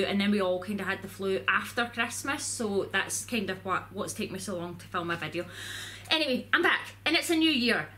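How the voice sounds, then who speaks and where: Woman, vlogger, bright forceful voice, chatty, rambling, casual to camera, faint background noise. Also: mid-range voice.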